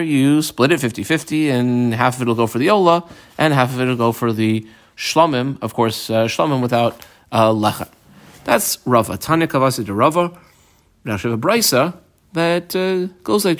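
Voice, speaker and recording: Man teaching Talmud step by step. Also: medium pitch. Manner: explains step by step, mixes Aramaic terms with English. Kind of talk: daf yomi lecture.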